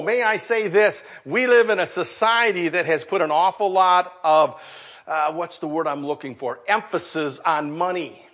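Slow-preaching high-voiced man pastor. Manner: preaching with rising emphasis and trailing soft endings. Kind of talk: sermon.

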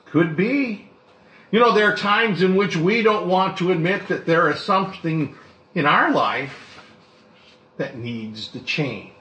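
A man's voice: high voice, expressive, slow pace, sharp tone, roomy sound. A male pastor preaching a sermon in a conversational way, often asking the congregation questions.

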